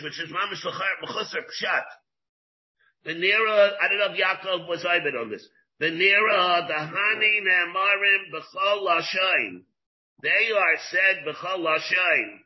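A man, a rabbi, teaching a Talmud lesson who mixes English with Hebrew and Aramaic study terms and restates each point. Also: on the high side. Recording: dull lo-fi recording.

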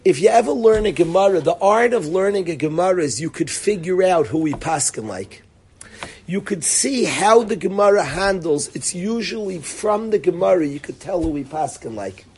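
A man teaching a Torah class on the weekly portion. He speaks straight to his students by name, keeps calling things fascinating, and acts out the quoted voices until he is shouting. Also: high voice, expressive, normal speed, slight background noise.

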